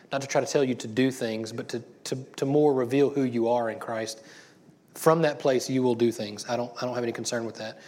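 A man's voice: mid-range voice, darkish tone. A middle-aged man preaching a sermon as a pastor, in a casual, chatty way with many restarts. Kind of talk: conversational sermon.

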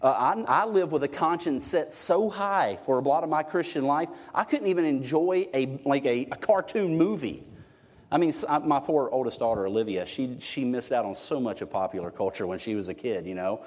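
A man's voice: medium pitch, animated, fairly quick. A middle-aged male pastor preaching a sermon in church, conversational and joking, with emphatic stretches. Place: church sanctuary. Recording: long hall reverb.

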